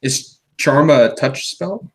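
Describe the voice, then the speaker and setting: A man's voice: mid-range voice, takes it slowly, rough recording. A man playing a tabletop game, chatting casually and tossing in jokes. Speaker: player.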